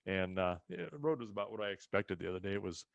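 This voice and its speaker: His voice sits low and creaky, and he talks quickly; the recording is dry and dull. He's a ranch co-host from the rural American West, spinning casual family tales and animatedly voicing the other people in them.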